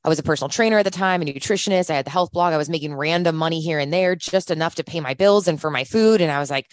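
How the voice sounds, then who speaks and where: A woman's voice: on the low side, animated, quick pace, no echo, clean studio sound. A woman in her thirties, a podcast guest, telling her story in casual chat and acting out the voices she quotes, laughing often.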